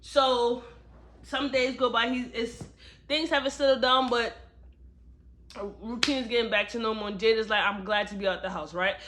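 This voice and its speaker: A woman giving a casual book review, retelling the plot in an animated way and acting out the characters' lines, recorded at home. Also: on the high side, moderate pace, slight background noise.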